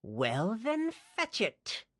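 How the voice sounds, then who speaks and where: A man's voice: sits high, wildly swooping pitch, very slow, fairly bright tone, dry recording, clean studio sound, voice pushed up, full character voice. A man doing a raised-voice cruel warlord. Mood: scornful. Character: cruel ruthless male usurper warlord.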